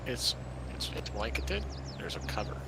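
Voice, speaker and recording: A man's voice: moderate pace, background noise. A man playing a farming game alongside a streamer, talking casually and a little hesitantly. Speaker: co-player on a stream. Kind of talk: casual gaming chat.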